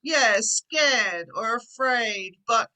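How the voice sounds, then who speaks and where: A woman's voice: a little high, lively intonation, very slow, sharp tone, low-quality recording. A woman teaching an online English class, patiently explaining words with simple examples.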